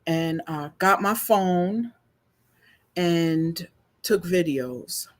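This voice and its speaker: An older woman, telling a story to her viewers in a slow, chatty, emotional way, teary and sniffling. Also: fairly low pitch. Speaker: vlogger.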